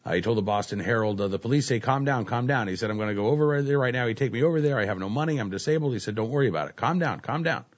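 A man's voice: on the low side, racing, few pauses. A man hosting a casual talk show. He reads news stories aloud and uses many fillers like "uh, you know.". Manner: relaxed, filler-heavy, says "uh, you know" often. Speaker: host. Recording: dull lo-fi recording.

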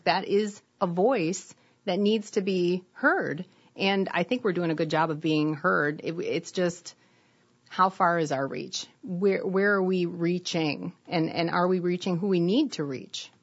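Female talk guest, husky and lowish, chatty, muffled lo-fi audio. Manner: chatty, quick to laugh. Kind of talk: casual talk radio chat. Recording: dull lo-fi recording.

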